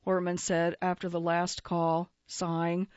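A woman reading a magazine feature aloud as a narrator, in an even, measured way. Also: fairly low pitch, no echo, lo-fi sound.

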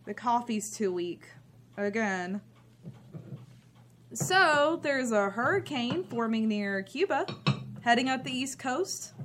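An actress playing a bitter, cynical grown daughter who talks with sarcastic scorn. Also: female voice, on the high side, animated, slow, long pauses, a bit bright, a little hiss or hum. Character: bitter cynical adult daughter living at home. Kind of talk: drama scene.

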